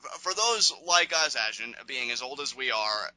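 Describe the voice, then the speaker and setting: A man's voice: medium pitch, expressive, normal speed, pushed and bright, dry recording, rough recording. A man co-hosting a casual wrestling review show, opinionated and sarcastic, with long rambling asides. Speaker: podcast co-host.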